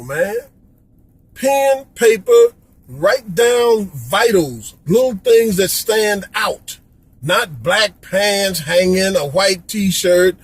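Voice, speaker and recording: Husky, high-voiced man ranting. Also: rough recording. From Chicago. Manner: preachy, pleading, repeats "come on, man". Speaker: vlogger. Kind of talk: impassioned rant to camera. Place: Florida.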